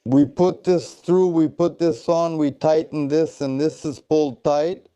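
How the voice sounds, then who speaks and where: A man's voice: on the high side, fairly even intonation, a little slow, dark tone, clear, resonant tone, no room sound. A man instructing trainees in tactical first aid, coaching them step by step and repeating short encouragements. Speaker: military tactical medicine instructor.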